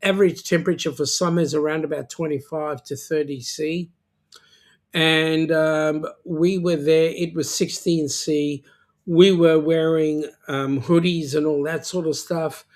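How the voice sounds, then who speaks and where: A man hosting a casual livestream chat, from South Africa, teasing his viewers and talking in halting bursts full of filler sounds and restarts. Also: on the high side, fairly even intonation. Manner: joking and teasing. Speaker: livestream host.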